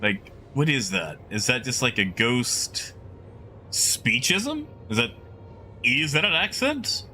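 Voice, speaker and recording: A male game streamer talking casually to his live chat. He rambles and thinks out loud, and his voice swings up and down freely. The tone is bright and forward. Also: medium pitch, big pitch swings, takes it slowly, a little hiss or hum. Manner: rambling, chatty, musing aloud to chat.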